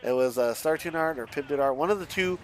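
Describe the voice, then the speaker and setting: A man's voice: fairly high pitch, fast. Rambling, swearing young man. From Mexican family. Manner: rambling, swears often, frequent restarts. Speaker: streamer. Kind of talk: casual rambling chat while playing a driving game.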